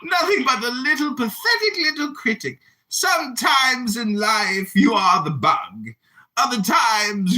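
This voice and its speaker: Loud, mocking American man in his forties. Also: high voice, rough recording. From United States. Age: 40s. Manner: abrasive, mocking and insulting, ranting loudly. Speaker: political candidate and online personality. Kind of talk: heated audio chat room argument.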